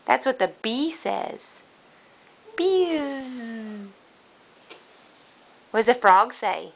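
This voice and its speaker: A woman's voice: a little high, measured pace, vocal fry. A woman in a home video patiently asking a small child what sounds animals make, in a sing-song way. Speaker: parent quizzing a toddler.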